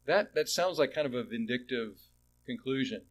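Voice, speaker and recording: A man preaching a sermon in an earnest way, repeating words and swinging between raised passages and hushed ones. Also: medium pitch, normal speed.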